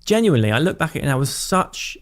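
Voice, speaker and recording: A man, a podcast guest talking candidly and reflectively, with many fillers and quick asides. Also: fairly high pitch, very animated. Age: 30s. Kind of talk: casual conversational interview.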